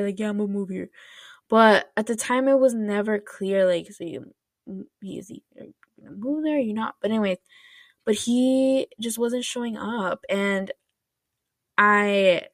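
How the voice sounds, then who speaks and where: A woman hosting a podcast, rambling through an animated, casual retelling full of fillers and restarts. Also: medium pitch, moderate pace, dry recording, clean studio sound. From United States. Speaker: podcast host. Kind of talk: casual chat.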